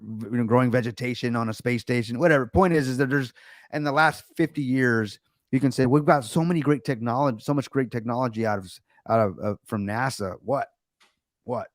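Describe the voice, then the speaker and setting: A man's voice: medium pitch, no echo. American man, livestream host, sarcastic rant, casual chat, dry close mic. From United States. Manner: ranting, sarcastic, many restarts.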